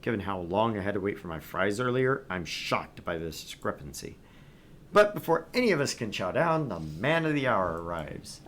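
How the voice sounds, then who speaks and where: A man hosting a let's play, reading a visual novel aloud in an expressive way. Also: lowish voice, normal speed. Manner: expressive narration with laughs.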